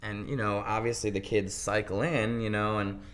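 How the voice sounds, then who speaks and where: A young man from Pennsylvania, a guest in an interview, telling his story in a casual, animated way and acting out what people said. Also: on the low side, moderate pace.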